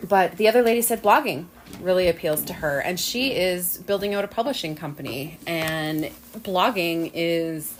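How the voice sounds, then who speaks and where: A woman hosts her podcast from home in a casual, heartfelt monologue, her voice sitting a little low. She talks in an effusive, rambling way, full of "um" and "like". The room sounds roomy and echoey, with a faint noise underneath. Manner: earnest, effusive, rambling with fillers. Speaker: podcast host.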